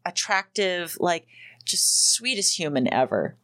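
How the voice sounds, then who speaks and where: A woman's voice: on the low side, normal speed, fairly bright tone. Rambling woman podcaster telling a story. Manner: rambling, lots of ums and likes, casual swearing. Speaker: podcast host. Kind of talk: casual storytelling monologue.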